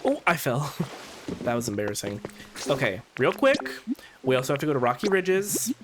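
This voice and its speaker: A man's voice: medium pitch, sing-song, fairly quick. A man streaming a video game, talking casually and campily to his chat with jokey asides. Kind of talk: casual gameplay commentary. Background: game music.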